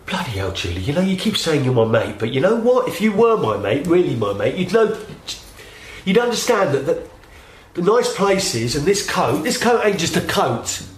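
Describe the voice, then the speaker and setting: A defensive, proud ex-thief , voiced by an actor. He speaks in a lively, rather high voice and falters into hesitant restarts. The sound is roomy and echoing. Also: moderate pace, a little hiss or hum. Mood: earnest. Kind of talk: audio drama acting. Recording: roomy echo.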